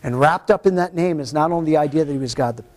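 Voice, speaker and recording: A male pastor preaching a Sunday sermon, animated and conversational, acting out the voices of doubters and of God. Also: fairly high pitch, fast talker. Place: church.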